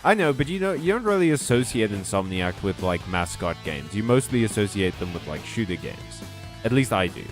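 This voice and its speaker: A man with a fairly low voice chats his way through a game, rambling loosely and stopping to correct himself. A faint music bed sits quietly behind him. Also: very animated, brisk. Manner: rambling, self-correcting, chatty with chat. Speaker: streamer. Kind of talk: casual gameplay commentary.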